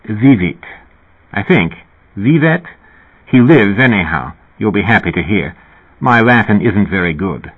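A man's voice: lowish voice, expressive, measured pace, slightly rough, heavily acted. A man voicing a genial, amused male musician with a slight British accent and a twinkling, lilting manner. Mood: breezy. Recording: tinny phone-like audio.

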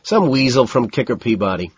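A man's voice: medium pitch, big pitch swings, fairly quick, breathy edge, dry recording. A man voicing a bored, sneering rich young man who talks in a dry, scornful way, on a dull lo-fi recording. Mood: weary.

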